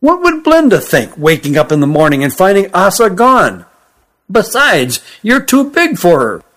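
A man's voice: high voice, huge pitch swings, moderate pace, a bit bright, voice pushed up, heavily acted. A man voicing a younger, smaller lad in an audiobook who keeps asking eager, incredulous questions. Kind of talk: audiobook character voice.

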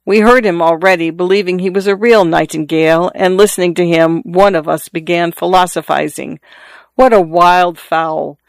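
A reader voicing a skeptical old man who teases and philosophizes, in a dry, clear studio recording. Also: mid-range voice, steady tone, normal speed, dry recording, lightly acted. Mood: grumbling. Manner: wry, philosophizing, teasing.

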